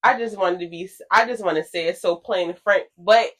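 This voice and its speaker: A woman's voice: medium pitch, a little fast. A woman co-hosting a podcast in casual chat, talking frankly about herself and laughing often. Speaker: podcast co-host.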